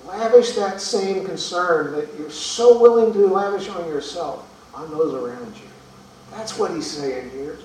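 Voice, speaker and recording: Preacher heard from afar in an echoey hall. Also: male voice, high-pitched, a little slow, darkish tone. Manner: earnest, rhetorical questions, repeats words. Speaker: pastor. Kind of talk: sermon. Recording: echoey room from far off.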